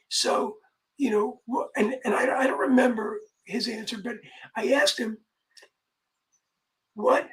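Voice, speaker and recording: A man's voice: very high voice, fairly even intonation, unhurried, pauses often, a bit bright, poor audio. Man, music manager, casual anecdote, rambling, restarts, quotes others. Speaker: music manager telling a story.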